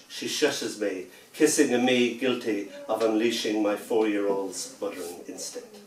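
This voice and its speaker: A man giving a poetry reading to a festival audience, playful and theatrical, stretching out words and pausing for effect. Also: fairly low pitch. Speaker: poet. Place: festival venue indoors. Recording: echoey room, mic far off.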